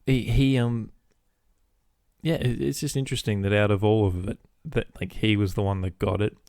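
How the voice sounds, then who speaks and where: A young Australian man hosts a solo podcast, rambling casually and swearing freely. His voice is on the low side and darkish, with fairly even intonation and normal speed, recorded in a clean studio with no room sound.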